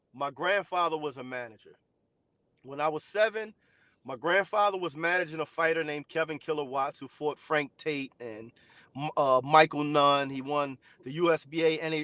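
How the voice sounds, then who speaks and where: A middle-aged man from New Jersey talks through his past as a podcast guest, reflective and storytelling. His voice is bright and forceful, sitting a touch high, and the sound is dry and close. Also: dry recording. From New Jersey, USA. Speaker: guest, boxing trainer. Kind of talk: podcast interview.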